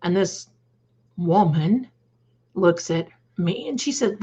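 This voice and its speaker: A husky older woman hosts a live stream, talking slowly and telling a personal story in a chatty, animated way. Her audio comes through a bit muffled and lo-fi. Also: on the low side. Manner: chatty, animated, greets viewers by name. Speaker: livestream host. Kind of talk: casual storytelling to live chat.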